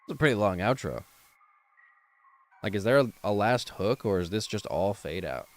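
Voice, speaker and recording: A man's voice: fairly low pitch, lively intonation, normal speed. Tired man giving rambling mixing tips. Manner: rambling, full of fillers and restarts, gives mixing tips. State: tired and yawning late at night. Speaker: streamer reviewing a viewer's song. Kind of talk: casual feedback chat on a livestream.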